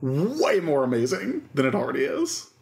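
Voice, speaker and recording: A man co-hosting a casual podcast, recapping scenes with wry, deadpan jokes. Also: fairly high pitch, normal speed, vocal fry, background noise. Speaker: podcast co-host. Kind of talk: casual chat recapping an anime episode.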